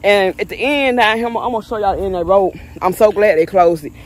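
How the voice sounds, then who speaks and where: A woman's voice: medium pitch, fairly quick, a little hiss or hum. A woman, a mother, chatting animatedly and in slang while vlogging outdoors on a neighborhood street, filmed on a phone by someone else. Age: adult mother. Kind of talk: casual vlog chat. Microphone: phone camera held by someone else.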